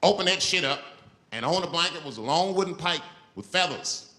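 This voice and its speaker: A man doing stand-up comedy on stage, an animated, profane storyteller whose pitch jumps up for emphasis. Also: brisk. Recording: live show, loud crowd and noise.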